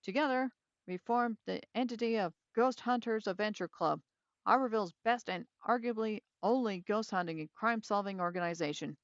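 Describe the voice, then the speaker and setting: Cocky young ghost hunter guy, as a woman reads him, dramatic, slightly raised pitch, dull audio. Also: moderate pace, no room sound, lightly acted. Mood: boastful. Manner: boastful, dramatic.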